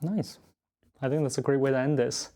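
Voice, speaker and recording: A man from the United States hosts a casual interview, his voice in an ordinary middle pitch. He keeps things playful, teasing his guest and breaking into laughter often. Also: steady tone, moderate pace, mellow. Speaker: show host.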